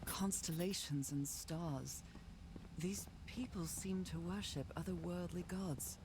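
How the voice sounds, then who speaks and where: Low-voiced musing explorer. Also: female voice, steady tone, slow pace. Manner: thoughtful, musing to herself. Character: curious woman explorer studying ruins. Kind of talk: video game voice acting. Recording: game audio with background noise.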